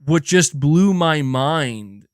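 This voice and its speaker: Animated, profane man ranting on stream. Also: a little high, extremely slow, clean tone, no room sound, studio quality. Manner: animated, profane and emphatic, with frequent restarts. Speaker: livestream host. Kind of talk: casual livestream rant.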